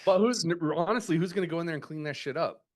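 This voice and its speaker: A man's voice: a little high, fast. A man co-hosting a horror podcast, chiming in with short, swearing reactions. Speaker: podcast co-host. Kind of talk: casual movie chat.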